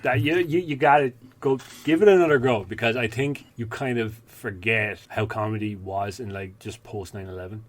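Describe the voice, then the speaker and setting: A man, co-hosting a podcast in casual, rambling, profane chat that gets animated when he tells stories. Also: on the low side, normal speed, few pauses. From Ireland. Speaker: podcast co-host.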